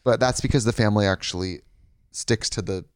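A man's voice: fairly low pitch, fairly quick, no room sound. Guy co-hosting a chatty comedy podcast, dry close mic, kinda rambly. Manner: chatty, rambling, breaks into put-on voices. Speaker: podcast co-host. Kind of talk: casual comedic chat.

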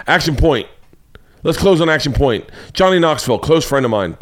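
A man in his forties from the United States, hosting his own show with a rambling, profane comedic monologue and animated storytelling. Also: on the high side, moderate pace, gravelly. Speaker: comedian podcast host.

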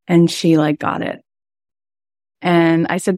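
Woman host, 40s, deep voice, emotional and chatty storytelling, dry booth sound. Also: flat delivery, unhurried, no echo. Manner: warm, emotional, chatty with many "like" fillers. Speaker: podcast host and coach. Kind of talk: personal storytelling on a coaching call.

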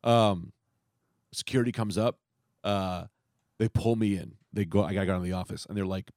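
Young guy rambling through a story, swears a lot, lowish voice, dry close sound. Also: quick pace, no room sound. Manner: rambling, profane, animated storyteller who acts out quotes. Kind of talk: casual storytelling chat.

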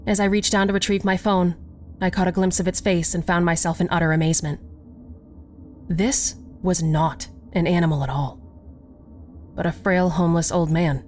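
Casting: female horror narrator, lower voice, unhurried and measured, faint music underneath. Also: steady tone, a little mellow. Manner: slow, measured storytelling. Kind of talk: scripted horror story narration.

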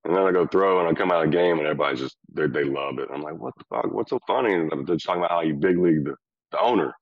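A man, a former pitcher, telling a brash, profane locker-room story in an animated way. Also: very fast, no room sound. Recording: dull lo-fi clip.

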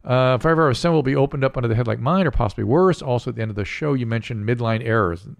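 A man's voice: medium pitch, racing, gravelly. A middle-aged man hosting a casual podcast chat, explaining medical terms plainly and joking along. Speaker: podcast host, physician.

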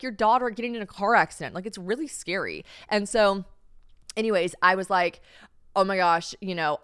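A woman's voice: on the low side, fairly bright tone, clean tone, no echo, clean studio sound. A young adult woman hosting a podcast, telling a story in a chatty, profane, self-mocking way and acting out the voices she quotes. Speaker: podcast host. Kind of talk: casual storytelling chat. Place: Tennessee.

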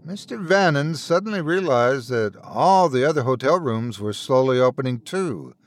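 A man narrating a scripted horror story with a dramatic, expressive delivery. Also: mid-range voice, moderate pace, no echo.

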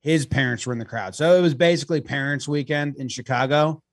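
A man co-hosting a casual sports podcast, telling stories with swearing and lively put-on quotes. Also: medium pitch, fairly quick, no room sound, studio quality. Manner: profane animated storyteller. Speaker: podcast co-host.

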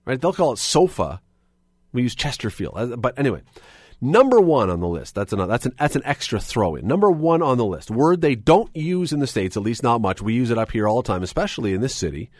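A man's voice: mid-range voice, sing-song, a little fast, a little mellow, no room sound. A Canadian man hosting a radio talk show, chatty and opinionated, full of rambling asides into a studio microphone.

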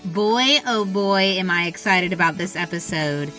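A woman's voice: fairly low pitch, unhurried, over music. A woman hosting a faith and parenting podcast, talking in an enthusiastic, upbeat way. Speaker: podcast host.

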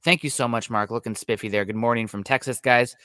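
A man co-hosting a sports podcast, talking football in a quick, analytical way with frequent fillers. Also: medium pitch, fairly even intonation, bright, forceful tone, clean tone, no echo, studio quality. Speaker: podcast co-host. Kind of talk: casual sports talk. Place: Seattle area.

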